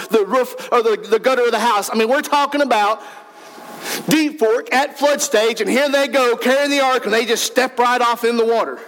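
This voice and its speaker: A man's voice: very high voice, a bit bright, in a large hall. A man, a pastor giving an earnest, conversational sermon in a church. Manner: earnest, questioning, conversational preaching.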